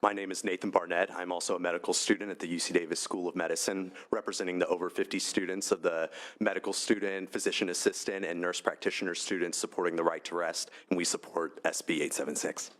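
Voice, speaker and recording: A young man who is a medical student, giving a rapid, businesslike public comment for his peers. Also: deep voice, fairly even intonation, fairly bright tone. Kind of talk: brief public testimony at a hearing.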